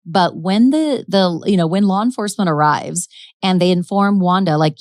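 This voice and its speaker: A woman's voice: fairly low pitch, moderate pace, darkish tone, no echo. Chatty woman telling a crime story. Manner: chatty, laughing, dramatic retelling. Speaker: podcast host. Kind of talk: casual true-crime storytelling.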